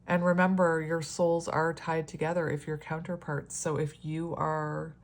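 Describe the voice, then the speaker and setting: A woman's voice: deep voice, level tone, unhurried. A woman in a casual solo tarot reading, chatty and rambling, often laughing and exclaiming at the cards. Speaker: tarot reader.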